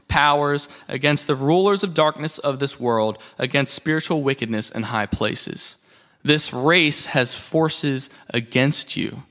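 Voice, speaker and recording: Young male pastor, sermon delivery, passionate, mid-pitched. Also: pushed and bright. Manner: passionate, rising and falling emphasis, rhetorical questions.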